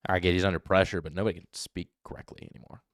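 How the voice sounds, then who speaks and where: A man hosting a live commentary stream, talking in an animated way and mimicking voices to make his points. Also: deep voice, rapid-fire, no room sound, clean studio sound. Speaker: livestream host.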